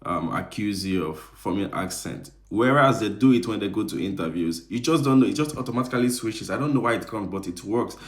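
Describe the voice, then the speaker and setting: A man's voice: lowish voice, lively intonation, a little fast, few pauses. A man from Nigeria, talking casually and animatedly to camera as a vlogger, addressing his viewers directly. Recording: roomy echo.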